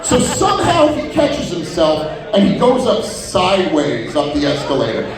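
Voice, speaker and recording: A man's voice: high voice, huge pitch swings, moderate pace, over loud music. A man doing a stand-up comedy set, telling profane stories and acting out quotes in different voices. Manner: profane storytelling with many acted-out quotes. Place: live comedy venue. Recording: roomy venue sound from far off.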